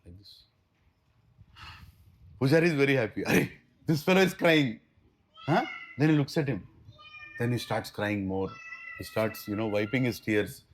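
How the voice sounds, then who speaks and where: A man with an Indian English accent teaching a spiritual class through stories, animated and switching between Hindi and English. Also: fairly low pitch, normal speed, long pauses, slight background noise. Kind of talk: storytelling class talk.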